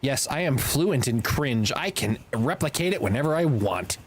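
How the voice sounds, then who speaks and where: A streamer chats casually over gameplay, half talking to themselves, with a throat that sounds a little tickled. The voice sits mid-pitch but climbs and drops all over the place, turning suddenly exasperated and loud before settling back into a low mutter. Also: moderate pace, breathy edge. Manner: animated, rambling self-talk with sudden exasperated outbursts. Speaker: live streamer playing a game.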